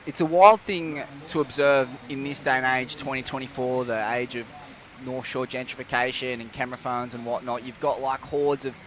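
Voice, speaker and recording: A man's voice: mid-range voice, fairly even intonation, moderate pace, few pauses, a little hiss or hum. A young man commentating a surf event, laid-back and rambling, calling people mate. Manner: laid-back, rambling, many fillers and restarts, says mate. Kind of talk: casual chat. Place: outdoors at a beach event.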